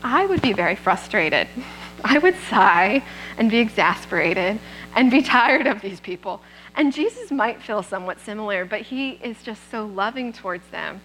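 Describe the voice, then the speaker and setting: A woman's voice: medium pitch, lively intonation, moderate pace, a bit bright, faint music behind, rough recording. A woman preaching a sermon at a church service, speaking into a microphone in a plainspoken, conversational way and often checking in with the congregation.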